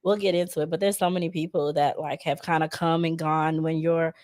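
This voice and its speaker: Chatty woman business owner, low voice. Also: little pitch movement, a little fast, darkish tone, dry recording. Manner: heartfelt, chatty, many fillers like "right?". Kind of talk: casual interview chat.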